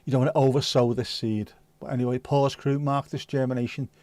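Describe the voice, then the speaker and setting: A man in his fifties hosts a relaxed livestream, chatting with viewers and spinning comic stories. His voice sits at an ordinary middle pitch, and the sound is dry and close, with no room around it. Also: brisk, no echo. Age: 50s. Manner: chatty, swearing, comic storyteller. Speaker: livestream host. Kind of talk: casual chat reading viewer comments.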